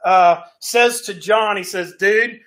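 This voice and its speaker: A man's voice: very high voice, normal speed, pushed and bright. A male pastor preaching a sermon in a folksy storytelling way, often checking in with "right?" and "okay?". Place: church sanctuary.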